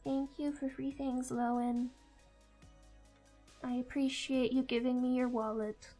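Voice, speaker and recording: A woman with a high, light voice hosts a live stream in an easy, rambling chat. She drops casual swears and keeps talking as she goes along. Soft music runs quietly behind her. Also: little pitch movement, unhurried, poor audio.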